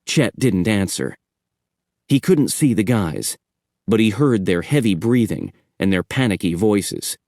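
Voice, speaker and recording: Male narrator, low-ish voice, slow lively storytelling, dry studio. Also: dry recording. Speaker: audiobook narrator. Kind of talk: scripted horror audiobook narration.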